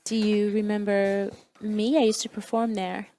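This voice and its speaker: A woman's voice: mid-range voice, level tone, moderate pace, mellow. A woman playing her character in an online tabletop game, asking questions hesitantly with fillers, over slightly noisy call audio. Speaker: player.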